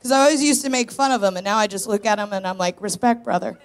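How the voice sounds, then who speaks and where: A woman's voice: mid-range voice, racing. A woman in her thirties doing a confessional, self-mocking stand-up set on a live stage, telling stories with punchy asides. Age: 30s. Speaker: stand-up comedian, co-host. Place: live stage in a tent venue before an audience.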